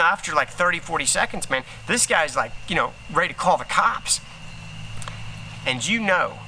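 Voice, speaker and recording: A man giving a casual motivational talk as a healing coach, telling a story in an animated, slangy way and acting out other people's lines. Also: a little high, background noise.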